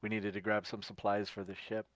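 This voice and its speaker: A man's voice: on the low side, level tone, brisk, dry recording, lightly acted. A man voicing a laid-back, blunt male adventurer in an offhand tone.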